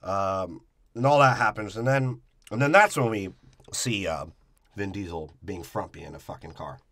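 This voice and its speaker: A man with a fairly low voice riffs through a movie recap in loose, profane conversation. He rambles, stacks fillers and swears freely, and the sound is close and dry with no room around it. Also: moderate pace, a bit bright, no echo. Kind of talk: casual movie recap chat.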